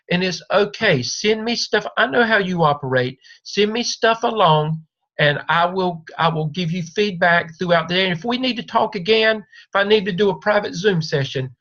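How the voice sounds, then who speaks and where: Over a video call, a man with a slightly high, fairly bright voice advises a doctoral student one-on-one. He coaches in a reassuring, repetitive way, and the call audio is dull and lo-fi.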